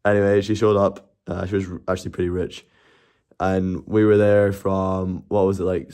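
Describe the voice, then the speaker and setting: A man's voice: on the low side, a little mellow, smooth. A man chatting casually and rambling on a live stream, laughing and swearing as he goes.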